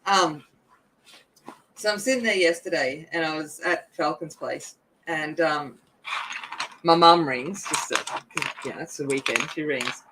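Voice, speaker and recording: A woman's voice: deep voice, unhurried, pauses often, background noise. A woman chatting casually and telling rambling stories while she colors at home. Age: adult. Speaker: coloring channel host.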